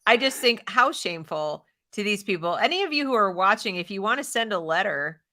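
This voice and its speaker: Bright-voiced woman hosting an interview. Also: mid-range voice, fairly quick. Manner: emphatic, animated, mocks opponents in a put-on voice. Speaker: podcast host. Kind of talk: conversational interview.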